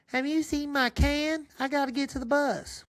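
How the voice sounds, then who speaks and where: A man voicing an eager young schoolboy in a high voice. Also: steady tone, moderate pace, a bit bright.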